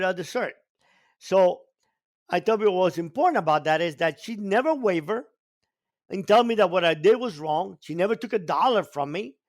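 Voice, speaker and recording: Older guy from cuba telling his story on a podcast, pretty high voice, leans hard on words. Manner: emphatic, repeats words for stress. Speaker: podcast guest. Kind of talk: storytelling in an interview.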